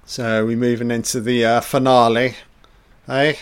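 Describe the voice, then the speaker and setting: A man's voice: medium pitch, little pitch movement, unhurried, smooth. A man giving a casual, sarcastic and profane commentary over a film, tossing off laid-back asides.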